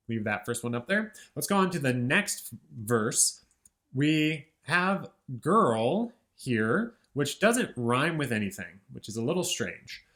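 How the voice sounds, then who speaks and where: A man's voice: mid-range voice, sharp tone. Casual young man explaining song rhymes. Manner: thinks aloud, with many "right?" and "kind of", and sings lyric lines slowly. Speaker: music teacher breaking down song lyrics. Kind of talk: casual music lesson. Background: faint ukulele.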